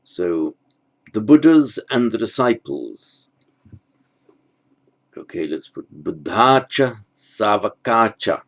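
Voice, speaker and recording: A man teaching a language lesson, working through translation exercises slowly and methodically, thinking aloud with pauses. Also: lowish voice, big pitch swings. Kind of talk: spoken grammar lesson.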